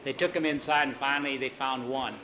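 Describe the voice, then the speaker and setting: A man telling a spooky cemetery story out loud, with occasional restarts, slipping into voices for the characters. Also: fairly even intonation, fairly quick, a little hiss or hum, rough recording. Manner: unscripted retelling with restarts, lifts pitch for scared boys. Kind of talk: spoken storytelling, voicing characters.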